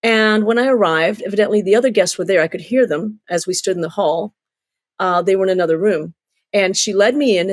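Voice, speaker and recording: A middle-aged woman from Cuba, an author telling stories in an interview, animated and acting out voices. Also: mid-range voice, dry recording. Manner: animated storyteller, acts out voices. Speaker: children's author and storyteller. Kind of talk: storytelling interview.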